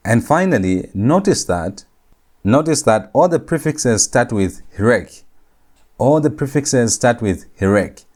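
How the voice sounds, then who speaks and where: A man's voice: medium pitch, expressive, unhurried, a little mellow. A man teaching a recorded grammar lecture, repeating each key point and saying every form twice. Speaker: Hebrew teacher.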